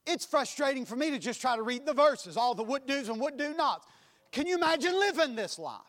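High-voiced impassioned man preaching in a hall. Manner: impassioned, swings between loud and soft. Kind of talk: sermon. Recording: long hall reverb.

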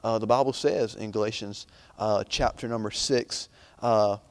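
A man's voice: on the low side, steady tone, normal speed, darkish tone, dry recording. A young man preaching an informal sermon in a chatty, rambling way, full of fillers and restarts.

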